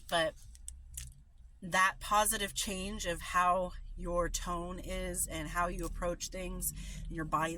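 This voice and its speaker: A woman's voice: fairly low pitch, pushed and bright, slight background noise. A middle-aged woman reading a daily recovery meditation aloud, then reflecting in an earnest, informal way with fillers. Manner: earnest, informal, with fillers in her own remarks. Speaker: recovery meeting reader.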